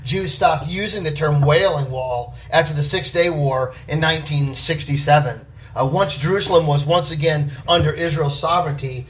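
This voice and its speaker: A man's voice: on the high side, far from the mic. A man preaching a sermon with an emphatic, repetitive cadence.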